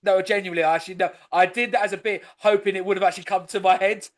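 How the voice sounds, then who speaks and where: High-voiced rambling podcast host man. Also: flat delivery, very fast. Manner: loose, rambling, swearing freely. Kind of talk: casual podcast chat.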